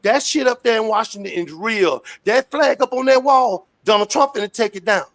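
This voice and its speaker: Gravelly, fiery man for a street interview rant, loud and profane. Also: high voice, moderate pace. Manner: fiery, profane, shouting rants.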